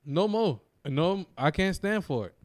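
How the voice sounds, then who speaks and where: A man with a fairly high voice co-hosts a casual chat show. He talks in animated, emphatic bursts and piles up repetitions to drive his point home. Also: measured pace. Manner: animated, emphatic ranting with repeated slang. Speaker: co-host.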